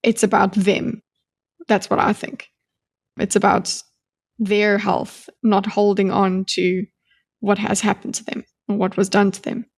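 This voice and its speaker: Earnest woman thinking out loud. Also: mid-range voice, level tone, measured pace, creaky. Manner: earnest, rambling, many restarts. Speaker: podcast co-host. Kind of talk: casual book-club chat.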